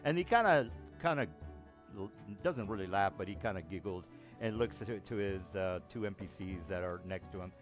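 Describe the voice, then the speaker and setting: A man narrating a tabletop game as game master, halting with many ums and restarts. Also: sits low, lively intonation, music in the background.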